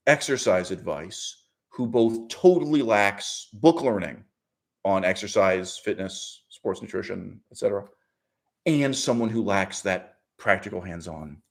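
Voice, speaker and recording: Here a channel host holds forth in an opinionated solo talk, stressing words emphatically and arguing his point. Sudden pitch leaps and mocking quotations mix with repeated restarts, fillers and quick bursts of laughter.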